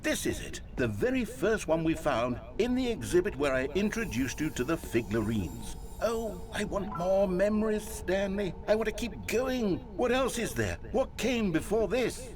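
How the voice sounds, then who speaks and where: A theatrical, wistful game narrator. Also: male voice, high-pitched, big pitch swings, normal speed, hardly any pauses, music in the background. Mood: nostalgic. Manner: lilting, dramatic, swooping delivery. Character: wistful, theatrical male narrator, grandly nostalgic.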